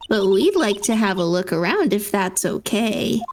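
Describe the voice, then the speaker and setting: A woman's voice: medium pitch, very animated, normal speed, a little mellow, slight background noise, natural voice. A woman reading an eager young female assistant. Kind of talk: reading game dialogue aloud.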